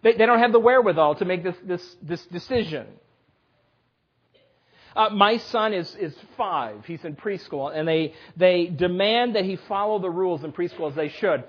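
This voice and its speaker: A man's voice: high-pitched, normal speed. A man in his thirties preaching a sermon, talking directly and conversationally to the children in a church service. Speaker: pastor. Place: church sanctuary. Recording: dull lo-fi sermon recording.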